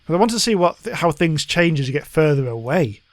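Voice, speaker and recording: A man's voice: fairly high pitch, very animated, a little fast, no echo. A man giving casual, chatty gameplay commentary, reading game text aloud and laughing often. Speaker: let's play host.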